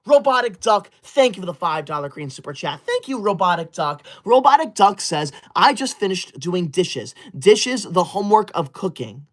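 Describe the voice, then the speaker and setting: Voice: mid-range voice, very animated, moderate pace, hardly any pauses. Comedic livestream host, reading super chats, indignant, scolding, prim school-lover persona, mid-range voice. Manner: indignant, scolding and easily offended.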